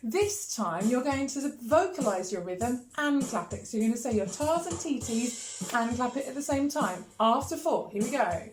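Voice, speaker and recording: A woman leads a video music lesson, counting in beats and sounding out rhythms in steady chants. Her voice sits fairly high for a woman. It carries the echo of a bare room. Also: moderate pace. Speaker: music teacher. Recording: echoey room.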